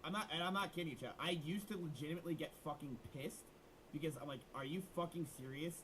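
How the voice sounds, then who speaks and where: A man streaming and talking casually, brash and joking, getting excitable. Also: fairly high pitch, fast, slight background noise, low-quality recording.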